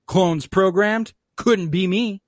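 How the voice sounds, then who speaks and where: A man's voice: high-pitched, takes it slowly, dry recording, clean studio sound. Man doing a cocky, brawny clone soldier.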